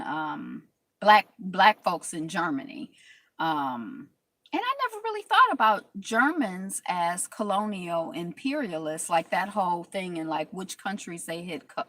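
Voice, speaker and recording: A woman hosting a casual talk stream, telling stories in lively quoted voices and reading viewer comments aloud. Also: mid-range voice, no room sound. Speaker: host.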